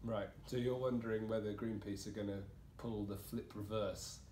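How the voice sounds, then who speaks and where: A man's voice: lowish voice, steady tone, normal speed, dark tone. A man in his twenties co-hosting a podcast, joking around playfully in casual banter. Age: 20s. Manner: playful, jumps into silly bits and banter. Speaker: podcast co-host. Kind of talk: casual comedic chat. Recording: roomy echo with faint noise.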